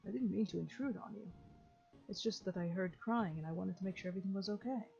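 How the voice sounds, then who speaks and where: A woman's voice: mid-range voice, quick pace, gravelly, a little mellow, natural voice. A woman voicing a kind, humble male farmer who speaks courteously, with old-fashioned phrasing. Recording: lo-fi with faint game music.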